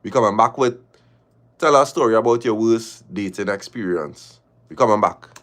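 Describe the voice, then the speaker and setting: A man hosting a livestream, reading viewer confessions aloud and reacting with drawn-out exclamations and slang. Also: lowish voice, fairly bright tone. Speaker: livestream host.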